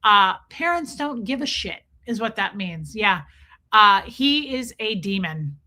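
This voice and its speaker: A woman hosting a casual livestream, telling a story in an animated, profane ranting way and answering chat comments. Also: mid-range voice, unhurried. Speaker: livestream host.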